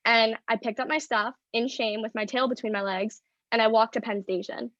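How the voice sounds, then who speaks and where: A woman in her twenties from the northeastern US tells her career story to a podcast host, frank and personal, with "like" scattered through her sentences. Her voice sits a little high. The audio is dry and slightly muffled. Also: steady tone, normal speed, a bit bright, no echo. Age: 20s. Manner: frank, personal, heavy use of "like" fillers. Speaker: guest. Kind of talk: candid storytelling in a podcast interview.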